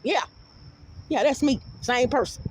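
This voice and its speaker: Brash woman vlogger, AAVE, high-pitched, profane, animated rant delivery. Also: unhurried, noisy background. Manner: brash, profane, animated, swings into loud outbursts. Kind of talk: casual rant to camera.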